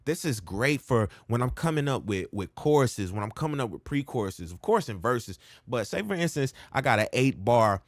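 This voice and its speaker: A man's voice: mid-range voice, sing-song, moderate pace, hardly any pauses, dry recording, clean studio sound. A man giving a laid-back, slangy rap coaching lesson, often checking in with "all right?". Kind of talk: casual music lesson with rap demos.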